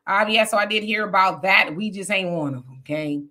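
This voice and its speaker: Animated, bright-voiced woman host. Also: mid-range voice, fairly quick, few pauses. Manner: animated, blunt, talks back to chat comments. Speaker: political talk show host reading live chat. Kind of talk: casual live-stream talk.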